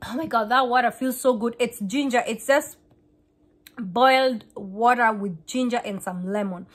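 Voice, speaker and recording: Fast-talking woman vlogger. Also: fairly high pitch. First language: Kikuyu. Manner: fast, chatty, repeats and restarts words. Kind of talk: casual chat to camera.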